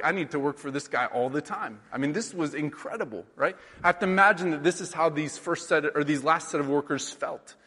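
The same kind of conversational sermon comes from a rural Iowa pastor in his thirties, whose voice sits on the high side with a sharp tone. He asks many rhetorical questions, and the recording has a big-room sound.

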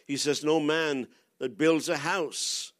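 An older man delivering a sermon at an unhurried, deliberate pace. His voice sits high for a man, and he keeps putting pointed rhetorical questions to the congregation. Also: fairly even intonation, fairly bright tone. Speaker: guest preacher.

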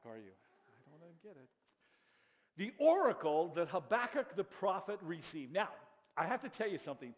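A man preaching a sermon as a pastor, chatting and joking with the congregation, checking in with "okay?", then sinking to a hushed voice for the dramatic points. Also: high-pitched, big-room sound, highs cut off. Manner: drops to a soft, hushed voice for dramatic passages.

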